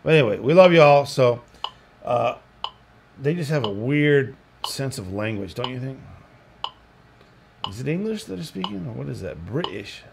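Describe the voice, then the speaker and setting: A man's voice: mid-range voice, very animated, moderate pace, creaky, long pauses. A man, teaching guitar in a casual, rambling way, with joking asides and counted beats. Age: 60s. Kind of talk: casual spoken lesson. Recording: audible background noise.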